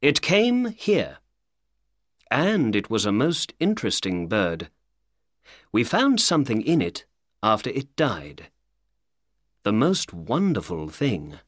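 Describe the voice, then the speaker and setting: Man playing a composed, unhurried detective, lively pitch, storybook read-aloud. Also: dry recording, studio quality, full character voice. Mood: calm. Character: calm, knowing male detective explaining a crime. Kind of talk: audiobook character voice.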